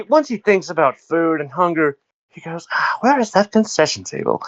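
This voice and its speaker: Man game master, lively swooping voice, a bit high, dull call audio. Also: clear, resonant tone, no room sound. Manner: animated, laughs often. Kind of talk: running a tabletop role-play.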